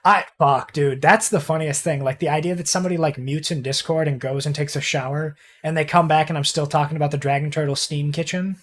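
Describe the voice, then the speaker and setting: A man's voice: fairly high pitch, brisk, hardly any pauses. Rambling, foul-mouthed young man streaming. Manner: rambling, profane and easily excited. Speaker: livestreamer. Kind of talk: casual live-stream chat while gaming.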